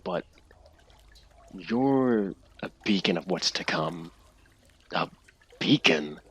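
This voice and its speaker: A man voicing a vengeful male cult leader in a tabletop game, moving between shouted rage and soft, soothing persuasion. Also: lowish voice, breathy edge, no echo, exaggerated voice.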